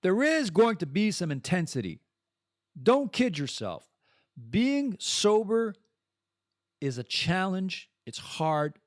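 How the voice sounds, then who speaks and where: A man's voice: sits high, sing-song, takes it slowly, no echo, clean studio sound. A French-speaking man hosting a podcast, talking candidly and bluntly in a personal monologue and swearing freely. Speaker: podcast host.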